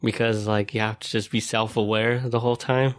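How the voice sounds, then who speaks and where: A man's voice: fairly low pitch, flat delivery, brisk, smooth. A man co-hosting a podcast in casual chat, rambling with lots of fillers and frequent laughter. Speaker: podcast co-host.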